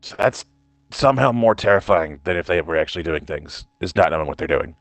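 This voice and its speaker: A man's voice: low voice, fairly quick, no room sound, faint music behind. A man playing in a tabletop game over a voice call, joking and cursing as he talks in character. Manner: animated, profane, jokey in-character quips. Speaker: player. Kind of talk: casual tabletop role-play chat.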